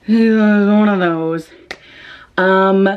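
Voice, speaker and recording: A woman's voice: mid-range voice, steady tone, drawn-out words, smooth, phone-quality sound. A young woman, still shaken, tells a late-night vlog story in a rambling, breathless, profane way, full of "like", from her dim living room, recorded on a phone or webcam mic. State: shaken and jittery. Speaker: vlogger. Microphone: phone or webcam camera mic.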